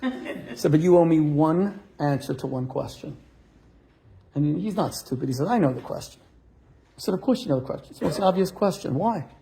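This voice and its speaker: Gravelly, animated rabbi telling a story. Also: male voice, on the high side, fairly quick, slight background noise. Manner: animated storyteller acting out both sides of a dialogue, punchlines with laughs. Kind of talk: storytelling sermon to a live audience.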